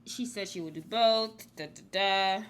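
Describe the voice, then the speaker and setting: A woman's voice: medium pitch, moderate pace. A woman hosting a casual reality TV recap, chatting in a rambling way full of "like". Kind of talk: casual chat review.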